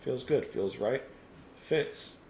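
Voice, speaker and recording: An enthusiastic man gives casual song commentary in a lively, up-and-down voice, chuckling as he works out his thoughts. His voice rings in a roomy space with a faint hiss behind it. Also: mid-range voice, takes it slowly, creaky. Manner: enthusiastic, chuckles often, thinks aloud with fillers. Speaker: music reaction host. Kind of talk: casual music reaction commentary.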